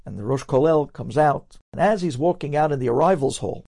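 A man telling a story with lively energy, acting out the characters' lines with sudden jumps in his voice. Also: a little high, brisk, gravelly. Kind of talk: animated storytelling.

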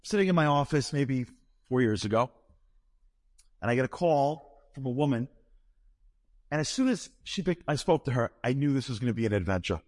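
A man telling a humorous story to a live audience in a lively, playful, self-deprecating way. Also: medium pitch, normal speed, pauses often. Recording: long hall reverb.

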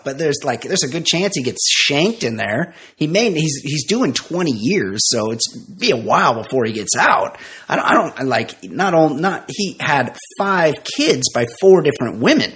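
A man's voice: a little high, sing-song, moderate pace, hardly any pauses, a bit bright. A man co-hosting a comedy podcast, reading a news story aloud with laughs and bantering casually. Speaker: podcast co-host.

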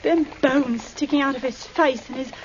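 A woman's voice: high voice, normal speed, slight background noise, lightly acted. An actress playing a fretful older landlady, tearful and pleading, in a 1950s radio drama. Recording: dull lo-fi old radio recording.

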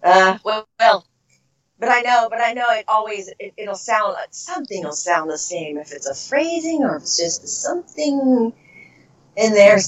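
Middle-aged woman, voice actress guest; chatty, laughs a lot, mid-range pitch, dull lo-fi recording. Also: lively intonation, moderate pace. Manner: chatty, laughs often, searches for words. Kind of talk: casual interview chat.

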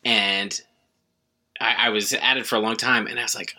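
A middle-aged man with a very bright, slightly husky voice, chatting casually on a podcast. He drops dry, wry one-liners in his easy banter. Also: fairly low pitch, steady tone, fairly quick. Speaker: podcast co-host. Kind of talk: casual comedic chat.

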